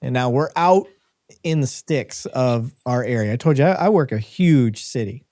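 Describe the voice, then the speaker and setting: A middle-aged man co-hosting a live podcast, telling a story in a casual, animated way with bursts of laughter. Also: medium pitch, moderate pace, no room sound, studio quality. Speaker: podcast co-host.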